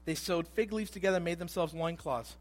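A man in his thirties preaching a sermon with a fairly high voice for a man. He talks in a conversational, animated way, slipping into quiet asides and then building back up to loud emphasis. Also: brisk. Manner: animated, acts out voices in quotes, swings between hushed asides and loud emphasis. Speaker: pastor.

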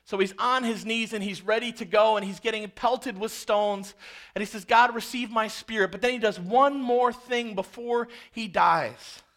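High-voiced preacher, hushed to loud. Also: male voice, normal speed. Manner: dramatic, swings from hushed to loud and intense. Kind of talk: sermon.

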